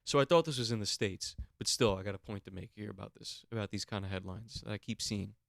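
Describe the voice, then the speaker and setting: A man's voice: fairly low pitch, fast talker, gravelly, no echo, studio quality. A man hosting a podcast alone, ranting comically with big jumps into incredulous, raised questions while holding a handheld mic. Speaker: podcast host. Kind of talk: solo comedic rant. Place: alone in a small room.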